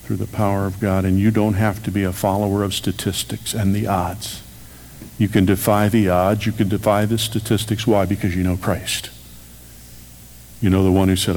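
A man preaching a short radio sermon, earnest and emphatic, slowing and softening for quotes before building to forceful peaks. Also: low voice, little pitch movement, a little hiss or hum, low-quality recording. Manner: earnest preacher, rises to emphatic near-shouting. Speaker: pastor.

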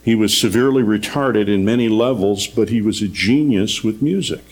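A man's voice: fairly low pitch, moderate pace. A man preaching a radio sermon, telling a story earnestly and rising in emphasis on his key points.

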